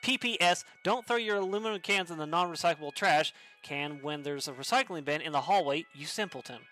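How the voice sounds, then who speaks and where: A man's voice: on the high side, fairly quick, bright, forceful tone, faint music behind. Man putting on a scornful office woman. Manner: exasperated, sarcastic reading. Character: sharp-tongued young office woman, scornful.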